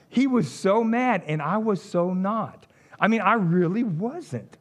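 A middle-aged man preaching a sermon in a high voice that leaps all over the place. He tells stories and cracks jokes as he goes, his tone rising and falling sharply. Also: a little slow. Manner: animated storytelling with jokes and asides. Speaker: pastor.

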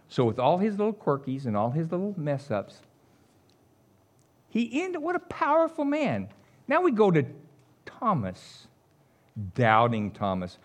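A middle-aged man, preaching a sermon as an animated storyteller who chuckles along. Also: mid-range voice.

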